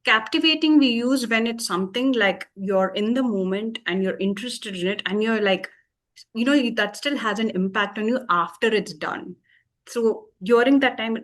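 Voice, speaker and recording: A woman's voice: medium pitch, fairly bright tone. Woman English teacher, mid-range voice, patient and explanatory, plenty of "uh"s. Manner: patient, explanatory, many fillers. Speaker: English tutor. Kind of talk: explaining vocabulary with examples.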